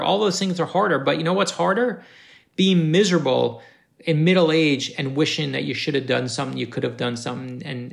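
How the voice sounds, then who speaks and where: A man's voice: fairly high pitch, vocal fry. A man from Florida, an author being interviewed, giving emphatic advice, repeating key phrases for punch and acting out the dialogue in his stories. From North Miami Beach, Florida. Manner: animated storyteller acting out dialogue. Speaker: author guest. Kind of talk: motivational interview talk.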